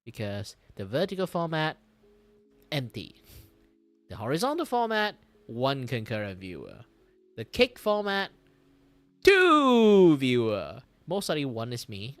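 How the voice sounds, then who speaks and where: A man streaming while he draws, talking in a rambling, animated way, swearing, laughing and breaking into loud outbursts. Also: medium pitch. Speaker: streamer and artist. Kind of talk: casual live-stream chat while drawing.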